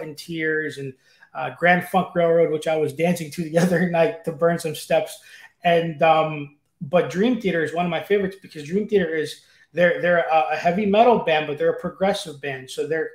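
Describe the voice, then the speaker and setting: A man as an interview guest, chatting eagerly and rambling with lots of fillers. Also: on the high side. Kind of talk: casual interview chat. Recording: roomy echo.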